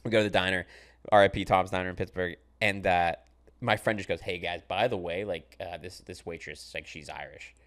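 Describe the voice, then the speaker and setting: A man with a lowish voice, easygoing and loose. He chats casually on a podcast, swearing freely and laughing at his own anecdotes. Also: fairly even intonation, fairly quick, fairly bright tone. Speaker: podcast host. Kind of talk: casual chat.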